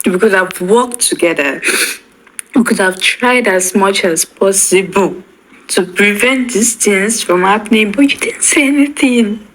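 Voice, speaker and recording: Slow halting woman. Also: medium pitch, low-quality recording. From Nigeria. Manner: halting, repeats words, pleading. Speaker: bereaved daughter. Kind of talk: emotional personal testimony.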